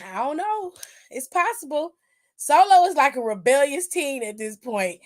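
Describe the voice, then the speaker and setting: A woman hosting a casual wrestling aftershow, animated and profane, talking loudly and laughing often. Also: a little high. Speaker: host.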